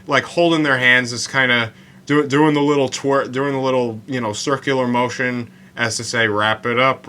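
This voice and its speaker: A man hosting a solo podcast about writing poetry, talking in a halting way with many stammered restarts and slowing down to recite his lines. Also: medium pitch, sharp tone, a little hiss or hum. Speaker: podcast host.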